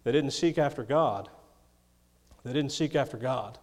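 A man's voice: medium pitch, unhurried, long reverb tail. A man preaching a sermon, reading scripture and adding folksy, chuckling asides. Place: church.

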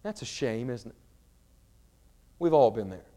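A man preaching a sermon, swinging between shouted fervor and quiet storytelling. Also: mid-range voice, lively intonation, unhurried. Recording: reverberant large hall.

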